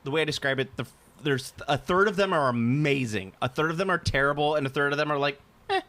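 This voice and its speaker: A man's voice: fairly high pitch, fast, bright, forceful tone. A man co-hosting a podcast in casual chat, rambling with many "like"s and "you know"s. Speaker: podcast co-host.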